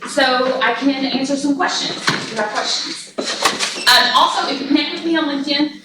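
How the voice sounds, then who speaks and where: A woman with a Texan accent presents to a conference audience. She talks chattily and slips into quick quoted voices as she retells her conversations. Her voice sits a little high and is picked up from far off in a strongly echoing room with noise in the background. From Texas. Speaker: conference speaker. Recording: echoey room recorded from afar, noisy.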